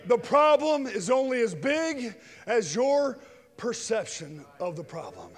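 Middle-aged male preacher, high-pitched, shifting between loud preaching and quiet jokes, with reverb from the church hall. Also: big pitch swings, a little slow. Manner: swings from shouted preaching to quiet joking asides. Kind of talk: sermon with personal stories. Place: church sanctuary with long reverb.

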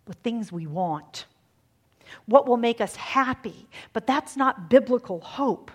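Husky-voiced woman preaching with hushed emphasis. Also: mid-range voice, lively intonation, a little slow. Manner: dramatic, swings from hushed to emphatic. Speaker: speaker giving a faith talk. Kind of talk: sermon.

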